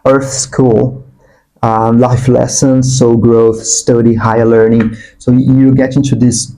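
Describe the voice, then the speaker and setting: A man giving an earnest, spiritual channeled tarot reading, sometimes breaking into excited bursts. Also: mid-range voice, slow pace, poor audio. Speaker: tarot reader.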